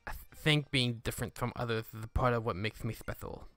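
A man's voice: medium pitch, fairly even intonation, fairly quick, fairly bright tone, no echo, natural voice. A man voicing a male Pokemon professor's speech from a game, reading it in an offhand, jokey way. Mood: mock-solemn. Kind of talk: reading game dialogue aloud in a let's-play.

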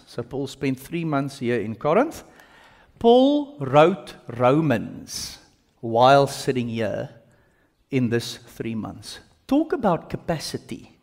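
A man's voice: mid-range voice, sing-song, a little slow, darkish tone, big-room sound. A man preaching a sermon in a conversational way, full of joking asides. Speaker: pastor. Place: church.

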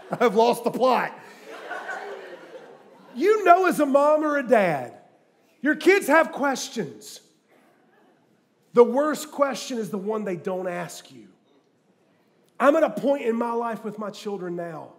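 A middle-aged man preaching a sermon, telling jokey stories and swinging from quiet asides to loud bursts. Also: high-pitched. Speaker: guest preacher. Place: church sanctuary with live audience.

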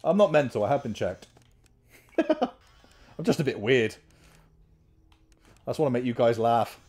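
A young man commentating on a horror game, excitable and chatty, muttering repeated counts under his breath between bursts of excitement. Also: mid-range voice, measured pace, breathy edge. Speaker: gameplay commentator.

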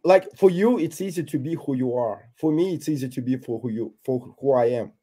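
A man's voice: mid-range voice, brisk, dark tone, slightly rough. A man guesting on a podcast, a YouTuber speaking bluntly and with strong opinions in casual chat.

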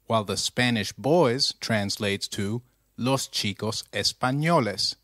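A man teaching a scripted language lesson at a slow, deliberate pace. His mid-pitched voice is recorded dry and close, with no room sound. He repeats each phrase patiently so the learner can follow. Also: a bit bright, dry recording.

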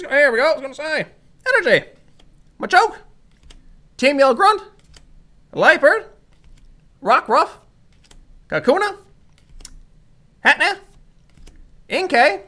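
A YouTuber gives excitable, hyped-up commentary while opening trading card packs and calling out each card. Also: very high-pitched. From Newfoundland, Canada. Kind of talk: casual pack-opening commentary.

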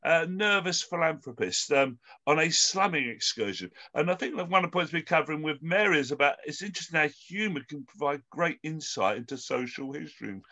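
A man with a fairly high, bright and forceful voice hosts an online panel over a video call. He speaks hesitantly, full of ums and false starts. His tone is lively rather than polished. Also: a little fast, hardly any pauses. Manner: hesitant, with many ums and restarts. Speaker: host. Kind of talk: hosting an online panel discussion.

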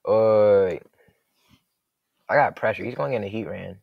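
A young man with a lowish, gravelly voice calls his own game in a loose, jokey commentary. He thinks out loud and reacts sharply to every move, and the recording is dry and close to the mic. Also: a little slow, dry recording, narrow, tinny audio. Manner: excitable, jokey, thinks aloud. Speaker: gaming commentator.

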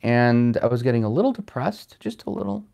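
A man's voice: mid-range voice, big pitch swings, fairly quick, creaky, dark tone. A man hosting a casual livestream, rambling and chatty as he reads out and answers viewer comments. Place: home in Chicago.

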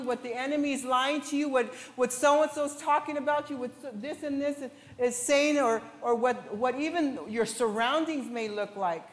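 High-voiced woman preaching in echoing hall. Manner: impassioned preaching, rising to shouts. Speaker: pastor. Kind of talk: sermon. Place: large church hall. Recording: echoey church hall with long reverb.

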